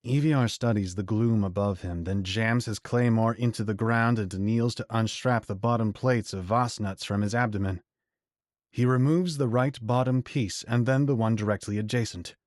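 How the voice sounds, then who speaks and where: A man narrating a fantasy audiobook in a measured, even storytelling voice. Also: on the low side, no room sound, studio quality.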